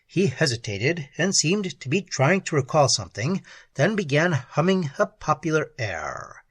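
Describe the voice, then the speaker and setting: Male audiobook narrator, measured storytelling, slightly husky, animated delivery. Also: fairly high pitch, no room sound.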